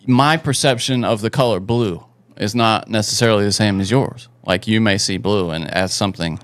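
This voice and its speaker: A man's voice: fairly low pitch, normal speed, dry recording. Southern-raised guy on a podcast, mostly neutral accent, rambly and laughs a lot, dry close sound. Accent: mostly neutral American, light Southern traces. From American South. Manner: rambling, laughs often, does voices. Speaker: podcast guest. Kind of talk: casual chat.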